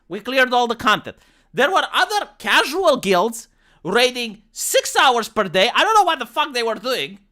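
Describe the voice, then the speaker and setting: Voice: mid-range voice, normal speed. A streamer with a Romanian accent, ranting bluntly and with plenty of swearing in a casual livestream about leading raids. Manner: blunt, profane, animated ranting. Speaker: streamer and former raid leader.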